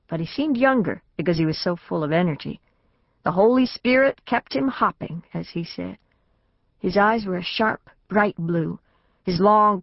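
Woman narrating an audiobook, lowish voice. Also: dry recording. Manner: plain storytelling, lifts her voice for the family's lines. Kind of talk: unabridged novel narration, first person. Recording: dry, slightly dull studio recording.

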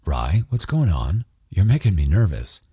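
A male audiobook narrator voicing an affectionate young man who grows anxious and jealous, close to his own husky voice. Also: sits low, very animated, moderate pace, mellow, heavily acted. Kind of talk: audiobook character voice.

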